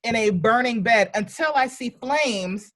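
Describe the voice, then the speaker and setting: A woman comedian from New York and Virginia, casually telling lively stories on a podcast and acting out the people in them. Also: fairly high pitch, unhurried. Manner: animated, acts out voices in anecdotes. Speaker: comedian guest.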